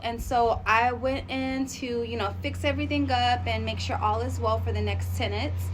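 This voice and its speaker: High-pitched lady chatting through a storytime vlog, lots of likes and you knows, faint hum. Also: rough recording. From Arizona, USA. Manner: chatty, animated, lots of fillers. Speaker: vlogger. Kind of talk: casual storytime.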